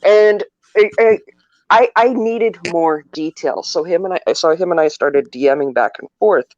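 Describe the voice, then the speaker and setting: A woman's voice: on the low side, measured pace, darkish tone, dry recording, dull audio. A woman from Canada co-hosting a casual chat, telling stories with lots of stammered repeats. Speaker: podcast co-host.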